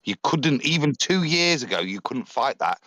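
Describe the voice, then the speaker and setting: A man's voice: mid-range voice, sing-song, moderate pace, pushed and bright, no echo. A man on a live panel, making his case earnestly and often restarting his sentences.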